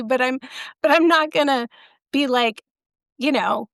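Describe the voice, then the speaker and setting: A woman's voice: sits high, a little slow, vocal fry, pauses often, fairly bright tone, dry recording, studio quality. A middle-aged woman, a podcast guest, telling a rambling, self-deprecating story in casual conversation.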